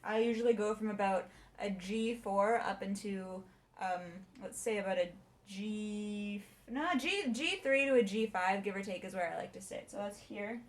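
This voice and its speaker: A young adult woman voice teacher explaining warm-ups in a chatty way and singing short demonstrations. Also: medium pitch, fairly even intonation, moderate pace. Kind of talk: casual video lesson.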